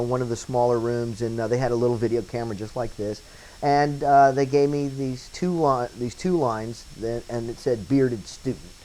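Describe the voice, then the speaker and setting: Guy spinning a yarn in a doc interview, mid-pitch voice, acts out the voices of people in his story. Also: low-quality recording. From Wilmington, North Carolina area. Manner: lively anecdote-telling, acting out quoted voices. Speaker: interviewee, former set painter turned bit actor.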